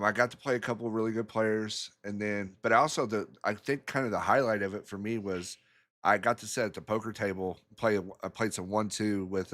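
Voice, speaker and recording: A man's voice: lowish voice, a bit bright. A man commentating a pool match in a casual way, rambling through stories and chuckling often.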